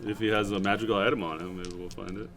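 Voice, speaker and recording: A man at a tabletop game describing what his character does in a laid-back way. His voice is fairly low, and clear background noise runs under it. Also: level tone, fast talker. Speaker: player.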